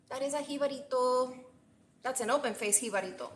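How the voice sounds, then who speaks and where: This high-pitched woman talks a little fast as she cooks at home on a casual livestream. She gushes at her viewers, exclaims a lot and drops in Spanish phrases, and the kitchen sounds echoey with slight background noise.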